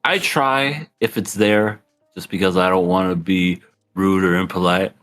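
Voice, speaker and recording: A man co-hosting a podcast in casual chat, animated and laughing often as he acts out scenes. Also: deep voice, a little slow, soft background music. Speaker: podcast co-host.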